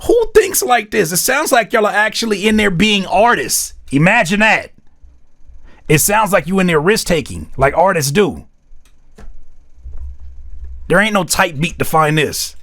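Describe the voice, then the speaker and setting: A man hosting a music reaction video, talking casually, laughing often and swearing as he gets excited. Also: high voice, a little slow, long pauses, no echo.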